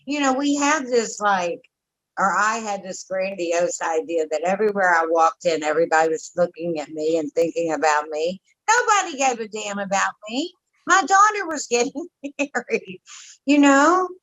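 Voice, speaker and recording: A woman's voice: medium pitch, animated, normal speed, fairly bright tone, poor audio. A woman, candidly telling her recovery story as an interview guest, blunt and emotional with frequent tangents.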